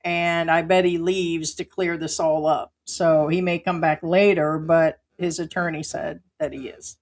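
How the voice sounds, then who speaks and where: A woman's voice: deep voice, level tone, a little slow, a little mellow. A woman hosting a livestream who reads viewer comments aloud and answers them in an emphatic, indignant way. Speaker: livestream host. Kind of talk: live chat commentary.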